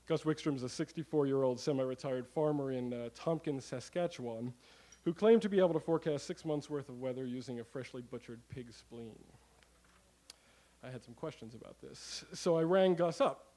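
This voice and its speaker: A man giving a live comic talk to an audience, animated and rambling, with many fillers and the odd curse word. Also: medium pitch, moderate pace, low-quality recording. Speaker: comedic presenter.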